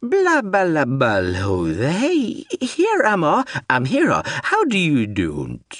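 A giggly babbling broken drone. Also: male voice, huge pitch swings, slow, fairly bright tone, dry recording, studio quality, exaggerated voice. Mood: manic babbling. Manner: high nonsense babble broken by laughter.

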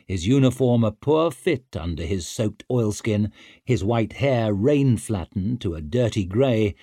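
Lively, expressive male narrator. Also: lowish voice, husky, no room sound, studio quality. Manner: expressive, dramatic storytelling. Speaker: audiobook narrator. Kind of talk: scripted narration.

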